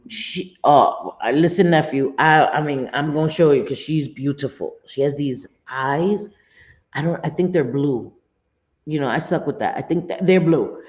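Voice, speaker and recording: A middle-aged woman with a low, slightly mellow voice hosts a casual livestream at normal speed. She rambles and talks bluntly with plenty of profanity, and the stream audio is dull and lo-fi.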